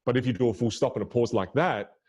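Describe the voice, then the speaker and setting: A man's voice: medium pitch, a little mellow, slightly rough. A man as a podcast guest explaining communication techniques in an emphatic, instructive way. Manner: emphatic, instructive, varies melody and pauses. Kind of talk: podcast interview.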